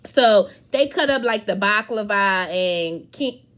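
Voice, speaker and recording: A woman's voice: mid-range voice, animated, slow, fairly bright tone. A woman giving a casual, blunt recap of a reality show, with slangy speech and frequent swearing.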